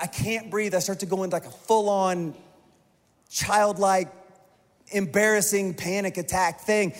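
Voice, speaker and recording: A male pastor with a high-pitched voice tells a story to his congregation in a lively, self-deprecating way. His words tumble out in quick bursts. A long reverb from the large church hall trails each phrase. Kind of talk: storytelling sermon.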